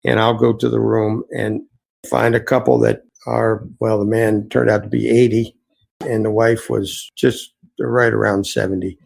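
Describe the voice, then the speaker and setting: A man's voice: on the low side, little pitch movement, measured pace, creaky, darkish tone, rough recording. A man, an innkeeper, earnestly telling reflective, rambling stories as an interview guest. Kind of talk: storytelling interview answers.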